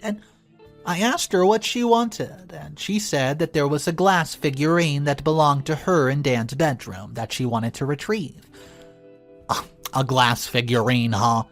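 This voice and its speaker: A man narrating a first-person story aloud in an expressive, animated way. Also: on the high side, measured pace, soft background music.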